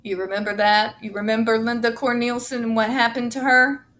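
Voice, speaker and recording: A woman's voice: fairly high pitch, level tone, brisk, fairly bright tone. A woman giving angry, blunt commentary as she reads from a report, swearing heavily and sarcastic. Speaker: autistic advocate commentator.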